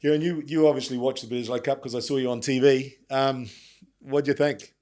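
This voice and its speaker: A man hosting a casual podcast chat, briskly steering the conversation with dry asides. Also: medium pitch, steady tone, a little mellow. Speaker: host.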